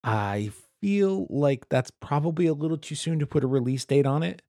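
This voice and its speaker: A man's voice: on the high side, normal speed, dark tone, no room sound, clean studio sound. A man hosting a casual solo podcast, talking in a loose, rambling way that is full of profanity. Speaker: podcast host.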